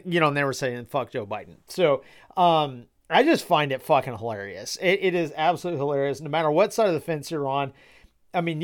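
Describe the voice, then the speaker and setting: A man's voice: a little high, clear, resonant tone. A man hosting a casual podcast monologue, rambling with lots of fillers, swearing freely and talking with sarcasm. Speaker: podcast host.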